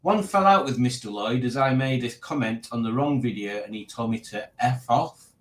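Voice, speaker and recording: A man's voice: medium pitch, moderate pace. A man hosting a casual livestream, rambling and reading out viewer comments. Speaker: livestream host.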